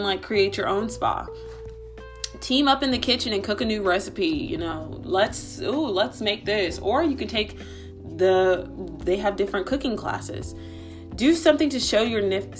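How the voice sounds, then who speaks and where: A woman's voice: mid-range voice, fairly bright tone. Chatty woman podcast host, bubbly. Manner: chatty, bubbly, full of "like" and asides. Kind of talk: casual relationship advice chat.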